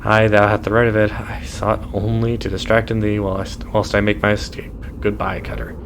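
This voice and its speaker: A man's voice: on the low side, little pitch movement, moderate pace, background noise, lightly acted. A man voicing a defiant male talking tree in a video game. He speaks in stiff, old-fashioned, formal phrases.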